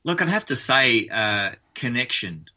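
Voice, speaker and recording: A man's voice: medium pitch, sing-song, measured pace, bright, forceful tone. An Australian man, a musician guest in a casual radio interview, chatting in a rambling way with frequent restarts.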